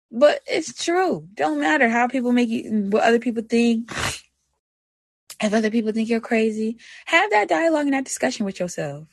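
A young woman hosting a personal podcast, talking candidly. She moves between soft reflection and animated self-talk. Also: on the high side, moderate pace, no room sound. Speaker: podcast host.

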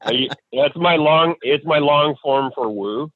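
A man's voice: on the high side, slow, no room sound, narrow, tinny audio. A man chatting casually, mostly giving short, easygoing reactions. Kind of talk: casual chat.

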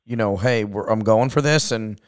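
Chatty host with a smooth voice. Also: male voice, lowish voice, normal speed. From Long Island, New York. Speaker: podcast host. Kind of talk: casual podcast interview.

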